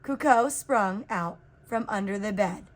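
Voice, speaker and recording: Woman reading a storybook aloud slowly. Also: mid-range voice. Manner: expressive, unhurried reading. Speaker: reader.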